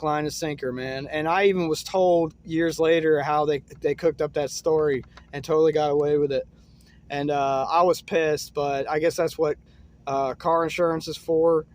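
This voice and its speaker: In a loose, rambling way, a young man relates a story full of "uh" and "man," letting his voice sink low and gentle during the grim moments.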